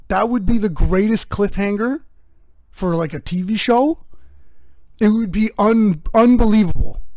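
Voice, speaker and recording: High-voiced man ranting comically. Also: no room sound. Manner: rambling, profane, animated rants. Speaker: host. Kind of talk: casual comedic monologue.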